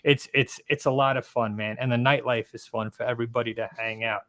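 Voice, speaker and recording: A man talks freely on a casual podcast, animated and sprinkling "dude" and "man" through his lines. His voice is mid-pitched and plain. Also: a little fast.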